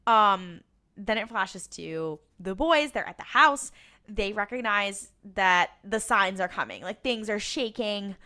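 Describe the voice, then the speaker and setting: A woman co-hosts a podcast and recaps a TV episode in a loose, rambling chat. She peppers her talk with "like" and casual swearing, and her voice sits at an ordinary middle pitch. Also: animated, a little slow, bright, forceful tone. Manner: rambling, frequent cursing and "like" fillers. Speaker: podcast co-host.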